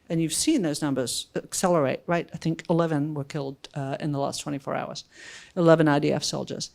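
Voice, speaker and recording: Animated woman giving a talk. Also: sits low, a little fast, gravelly. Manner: animated, conversational, frequent "right?" asides. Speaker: guest speaker. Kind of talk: public policy talk. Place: lecture room before an audience.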